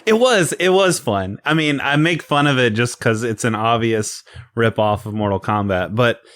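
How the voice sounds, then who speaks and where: A man's voice: medium pitch, lively intonation, moderate pace, fairly bright tone, no room sound. Joking man with a dry close sound. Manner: joking, laughs a lot, mock-gravelly impressions. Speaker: podcast co-host. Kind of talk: casual film podcast chat.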